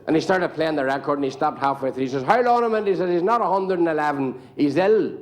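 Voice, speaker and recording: Chatty Irish comedian. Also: male voice, a little high, fast. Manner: chatty aside-filled storytelling. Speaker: stand-up comedian. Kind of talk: live stand-up joke telling. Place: live comedy stage.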